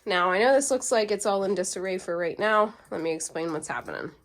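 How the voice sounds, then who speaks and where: A woman's voice: medium pitch, expressive, a little fast. A woman chatting casually on a homestead vlog, slightly out of breath, recorded outdoors on a handheld camera. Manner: chatty, bubbly, laughs easily. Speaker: homesteading vlogger. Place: outdoors on a farm, by a chicken coop.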